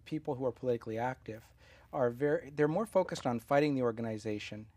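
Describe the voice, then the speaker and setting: A man's voice: mid-range voice, fast talker, darkish tone, a little hiss or hum. A man hosting an interview, easily agreeing with his guest and adding his own points. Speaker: interview host. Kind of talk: casual interview chat.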